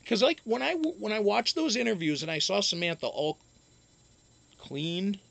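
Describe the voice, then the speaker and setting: On a live stream, a man with a fairly high, gravelly, somewhat bright voice reads viewer comments aloud at a moderate pace. His answers ramble, include profanity, and restart often.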